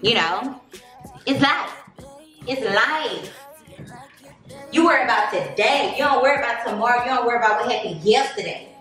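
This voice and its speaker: A woman's voice: on the high side, lively intonation, normal speed, pauses often, a bit bright, soft background music. A woman in her late twenties with a Southern US accent, talking bluntly and preachily straight to her viewers in a casual monologue. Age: 20s. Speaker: vlogger. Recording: very echoey room, distant mic, faint noise.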